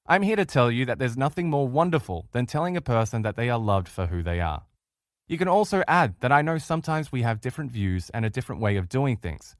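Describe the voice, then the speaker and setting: Male course instructor, mid pitch, very animated delivery, dry close mic. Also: dry recording. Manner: animated, acts out quoted voices of others. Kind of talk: recorded audio lesson.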